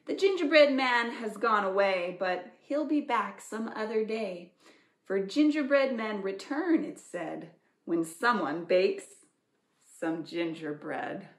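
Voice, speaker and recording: A woman librarian reading aloud at a preschool storytime, animated, gently asking children questions. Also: mid-range voice, takes it slowly. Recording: echoey room.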